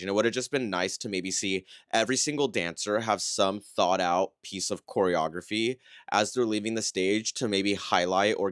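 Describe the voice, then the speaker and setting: A man giving a casual, conversational livestream breakdown of dance routines, critical but encouraging and often checking in with a quick "right?". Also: fairly low pitch, fairly bright tone, clean tone, no room sound, studio quality. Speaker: dance competition analyst.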